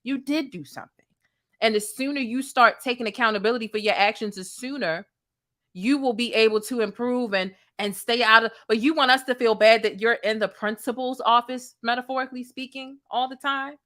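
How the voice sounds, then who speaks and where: A woman's voice: fairly high pitch, brisk, a bit bright. A woman hosting a reaction commentary, sassy and incredulous, talking straight to the viewer. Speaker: commentary host.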